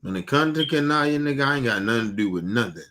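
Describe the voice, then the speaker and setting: A man ranting heatedly and profanely on a casual stream as its host, repeating himself and swinging from loud bursts to low mutters. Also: animated, quick pace.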